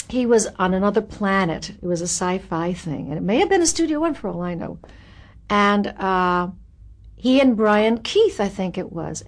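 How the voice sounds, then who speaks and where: An older woman, an actress, telling animated and self-mocking anecdotes from her career in an interview, laughing at her own stories. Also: medium pitch.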